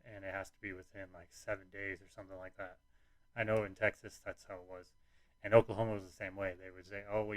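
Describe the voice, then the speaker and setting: A young man with a somewhat low voice talks through his own story in a loose, rambling way, slipping into quoted lines of other people as he goes. The sound is close and dry, with no room around it. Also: fairly bright tone, dry recording. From United States. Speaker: podcast host telling his own story. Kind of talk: candid personal storytelling.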